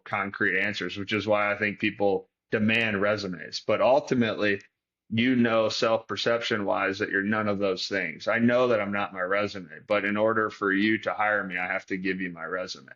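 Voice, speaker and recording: A man's voice: fairly low pitch, fairly bright tone, muffled recording. A man from Detroit, a performance coach, talking reflectively as a podcast guest and thinking aloud with restarts. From Detroit, Michigan.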